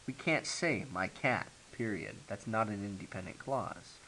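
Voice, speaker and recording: A man's voice: lowish voice, expressive, unhurried, bright, forceful tone, low-quality recording. A man teaching a grammar lesson, explaining step by step with frequent ums and okays. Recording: faint hiss.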